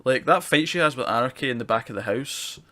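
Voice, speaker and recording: A man chats loosely through a TV episode review, rambling between points and laughing often. His voice sits at an ordinary middle pitch. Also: animated, fast, sharp tone. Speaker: podcast co-host reviewing TV. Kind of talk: casual review chat.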